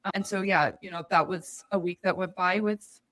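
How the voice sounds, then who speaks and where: A woman's voice: on the low side, steady tone, normal speed, fairly bright tone. A woman college counselor telling a story on a webinar, chatty and full of fillers. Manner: chatty with frequent fillers and restarts.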